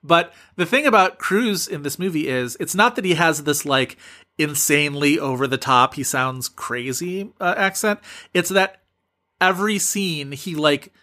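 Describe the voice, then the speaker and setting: This male podcast co-host has a bright, forceful voice on the high side and doesn't rush. He chats casually and wanders, using lots of fillers and starting over often.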